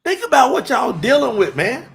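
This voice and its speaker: A man preaching fervently on a livestream, shouting scripture and then reading from his chat. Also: very high-pitched, huge pitch swings, normal speed, creaky. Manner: shouts and drawls, reads chat aloud.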